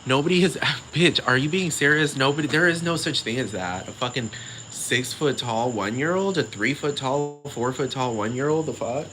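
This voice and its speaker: A man delivering a sassy, profane comedic rant, rambling fast with plenty of attitude. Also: mid-range voice, over music, low-quality recording.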